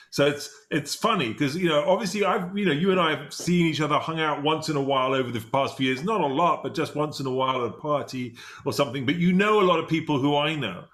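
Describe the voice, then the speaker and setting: A man's voice: a little high, fairly bright tone. A man in his fifties from Britain, hosting a podcast interview in a chatty, meandering way. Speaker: podcast host. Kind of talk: casual interview chat.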